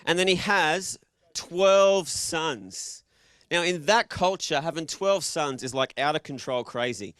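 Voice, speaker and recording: Brief: Australian male preacher, higher voice, jokey and casual, dry close sound. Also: takes it slowly, fairly bright tone, clean tone, no echo. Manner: joking, casual, quizzes the audience. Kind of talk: interactive sermon to a live congregation.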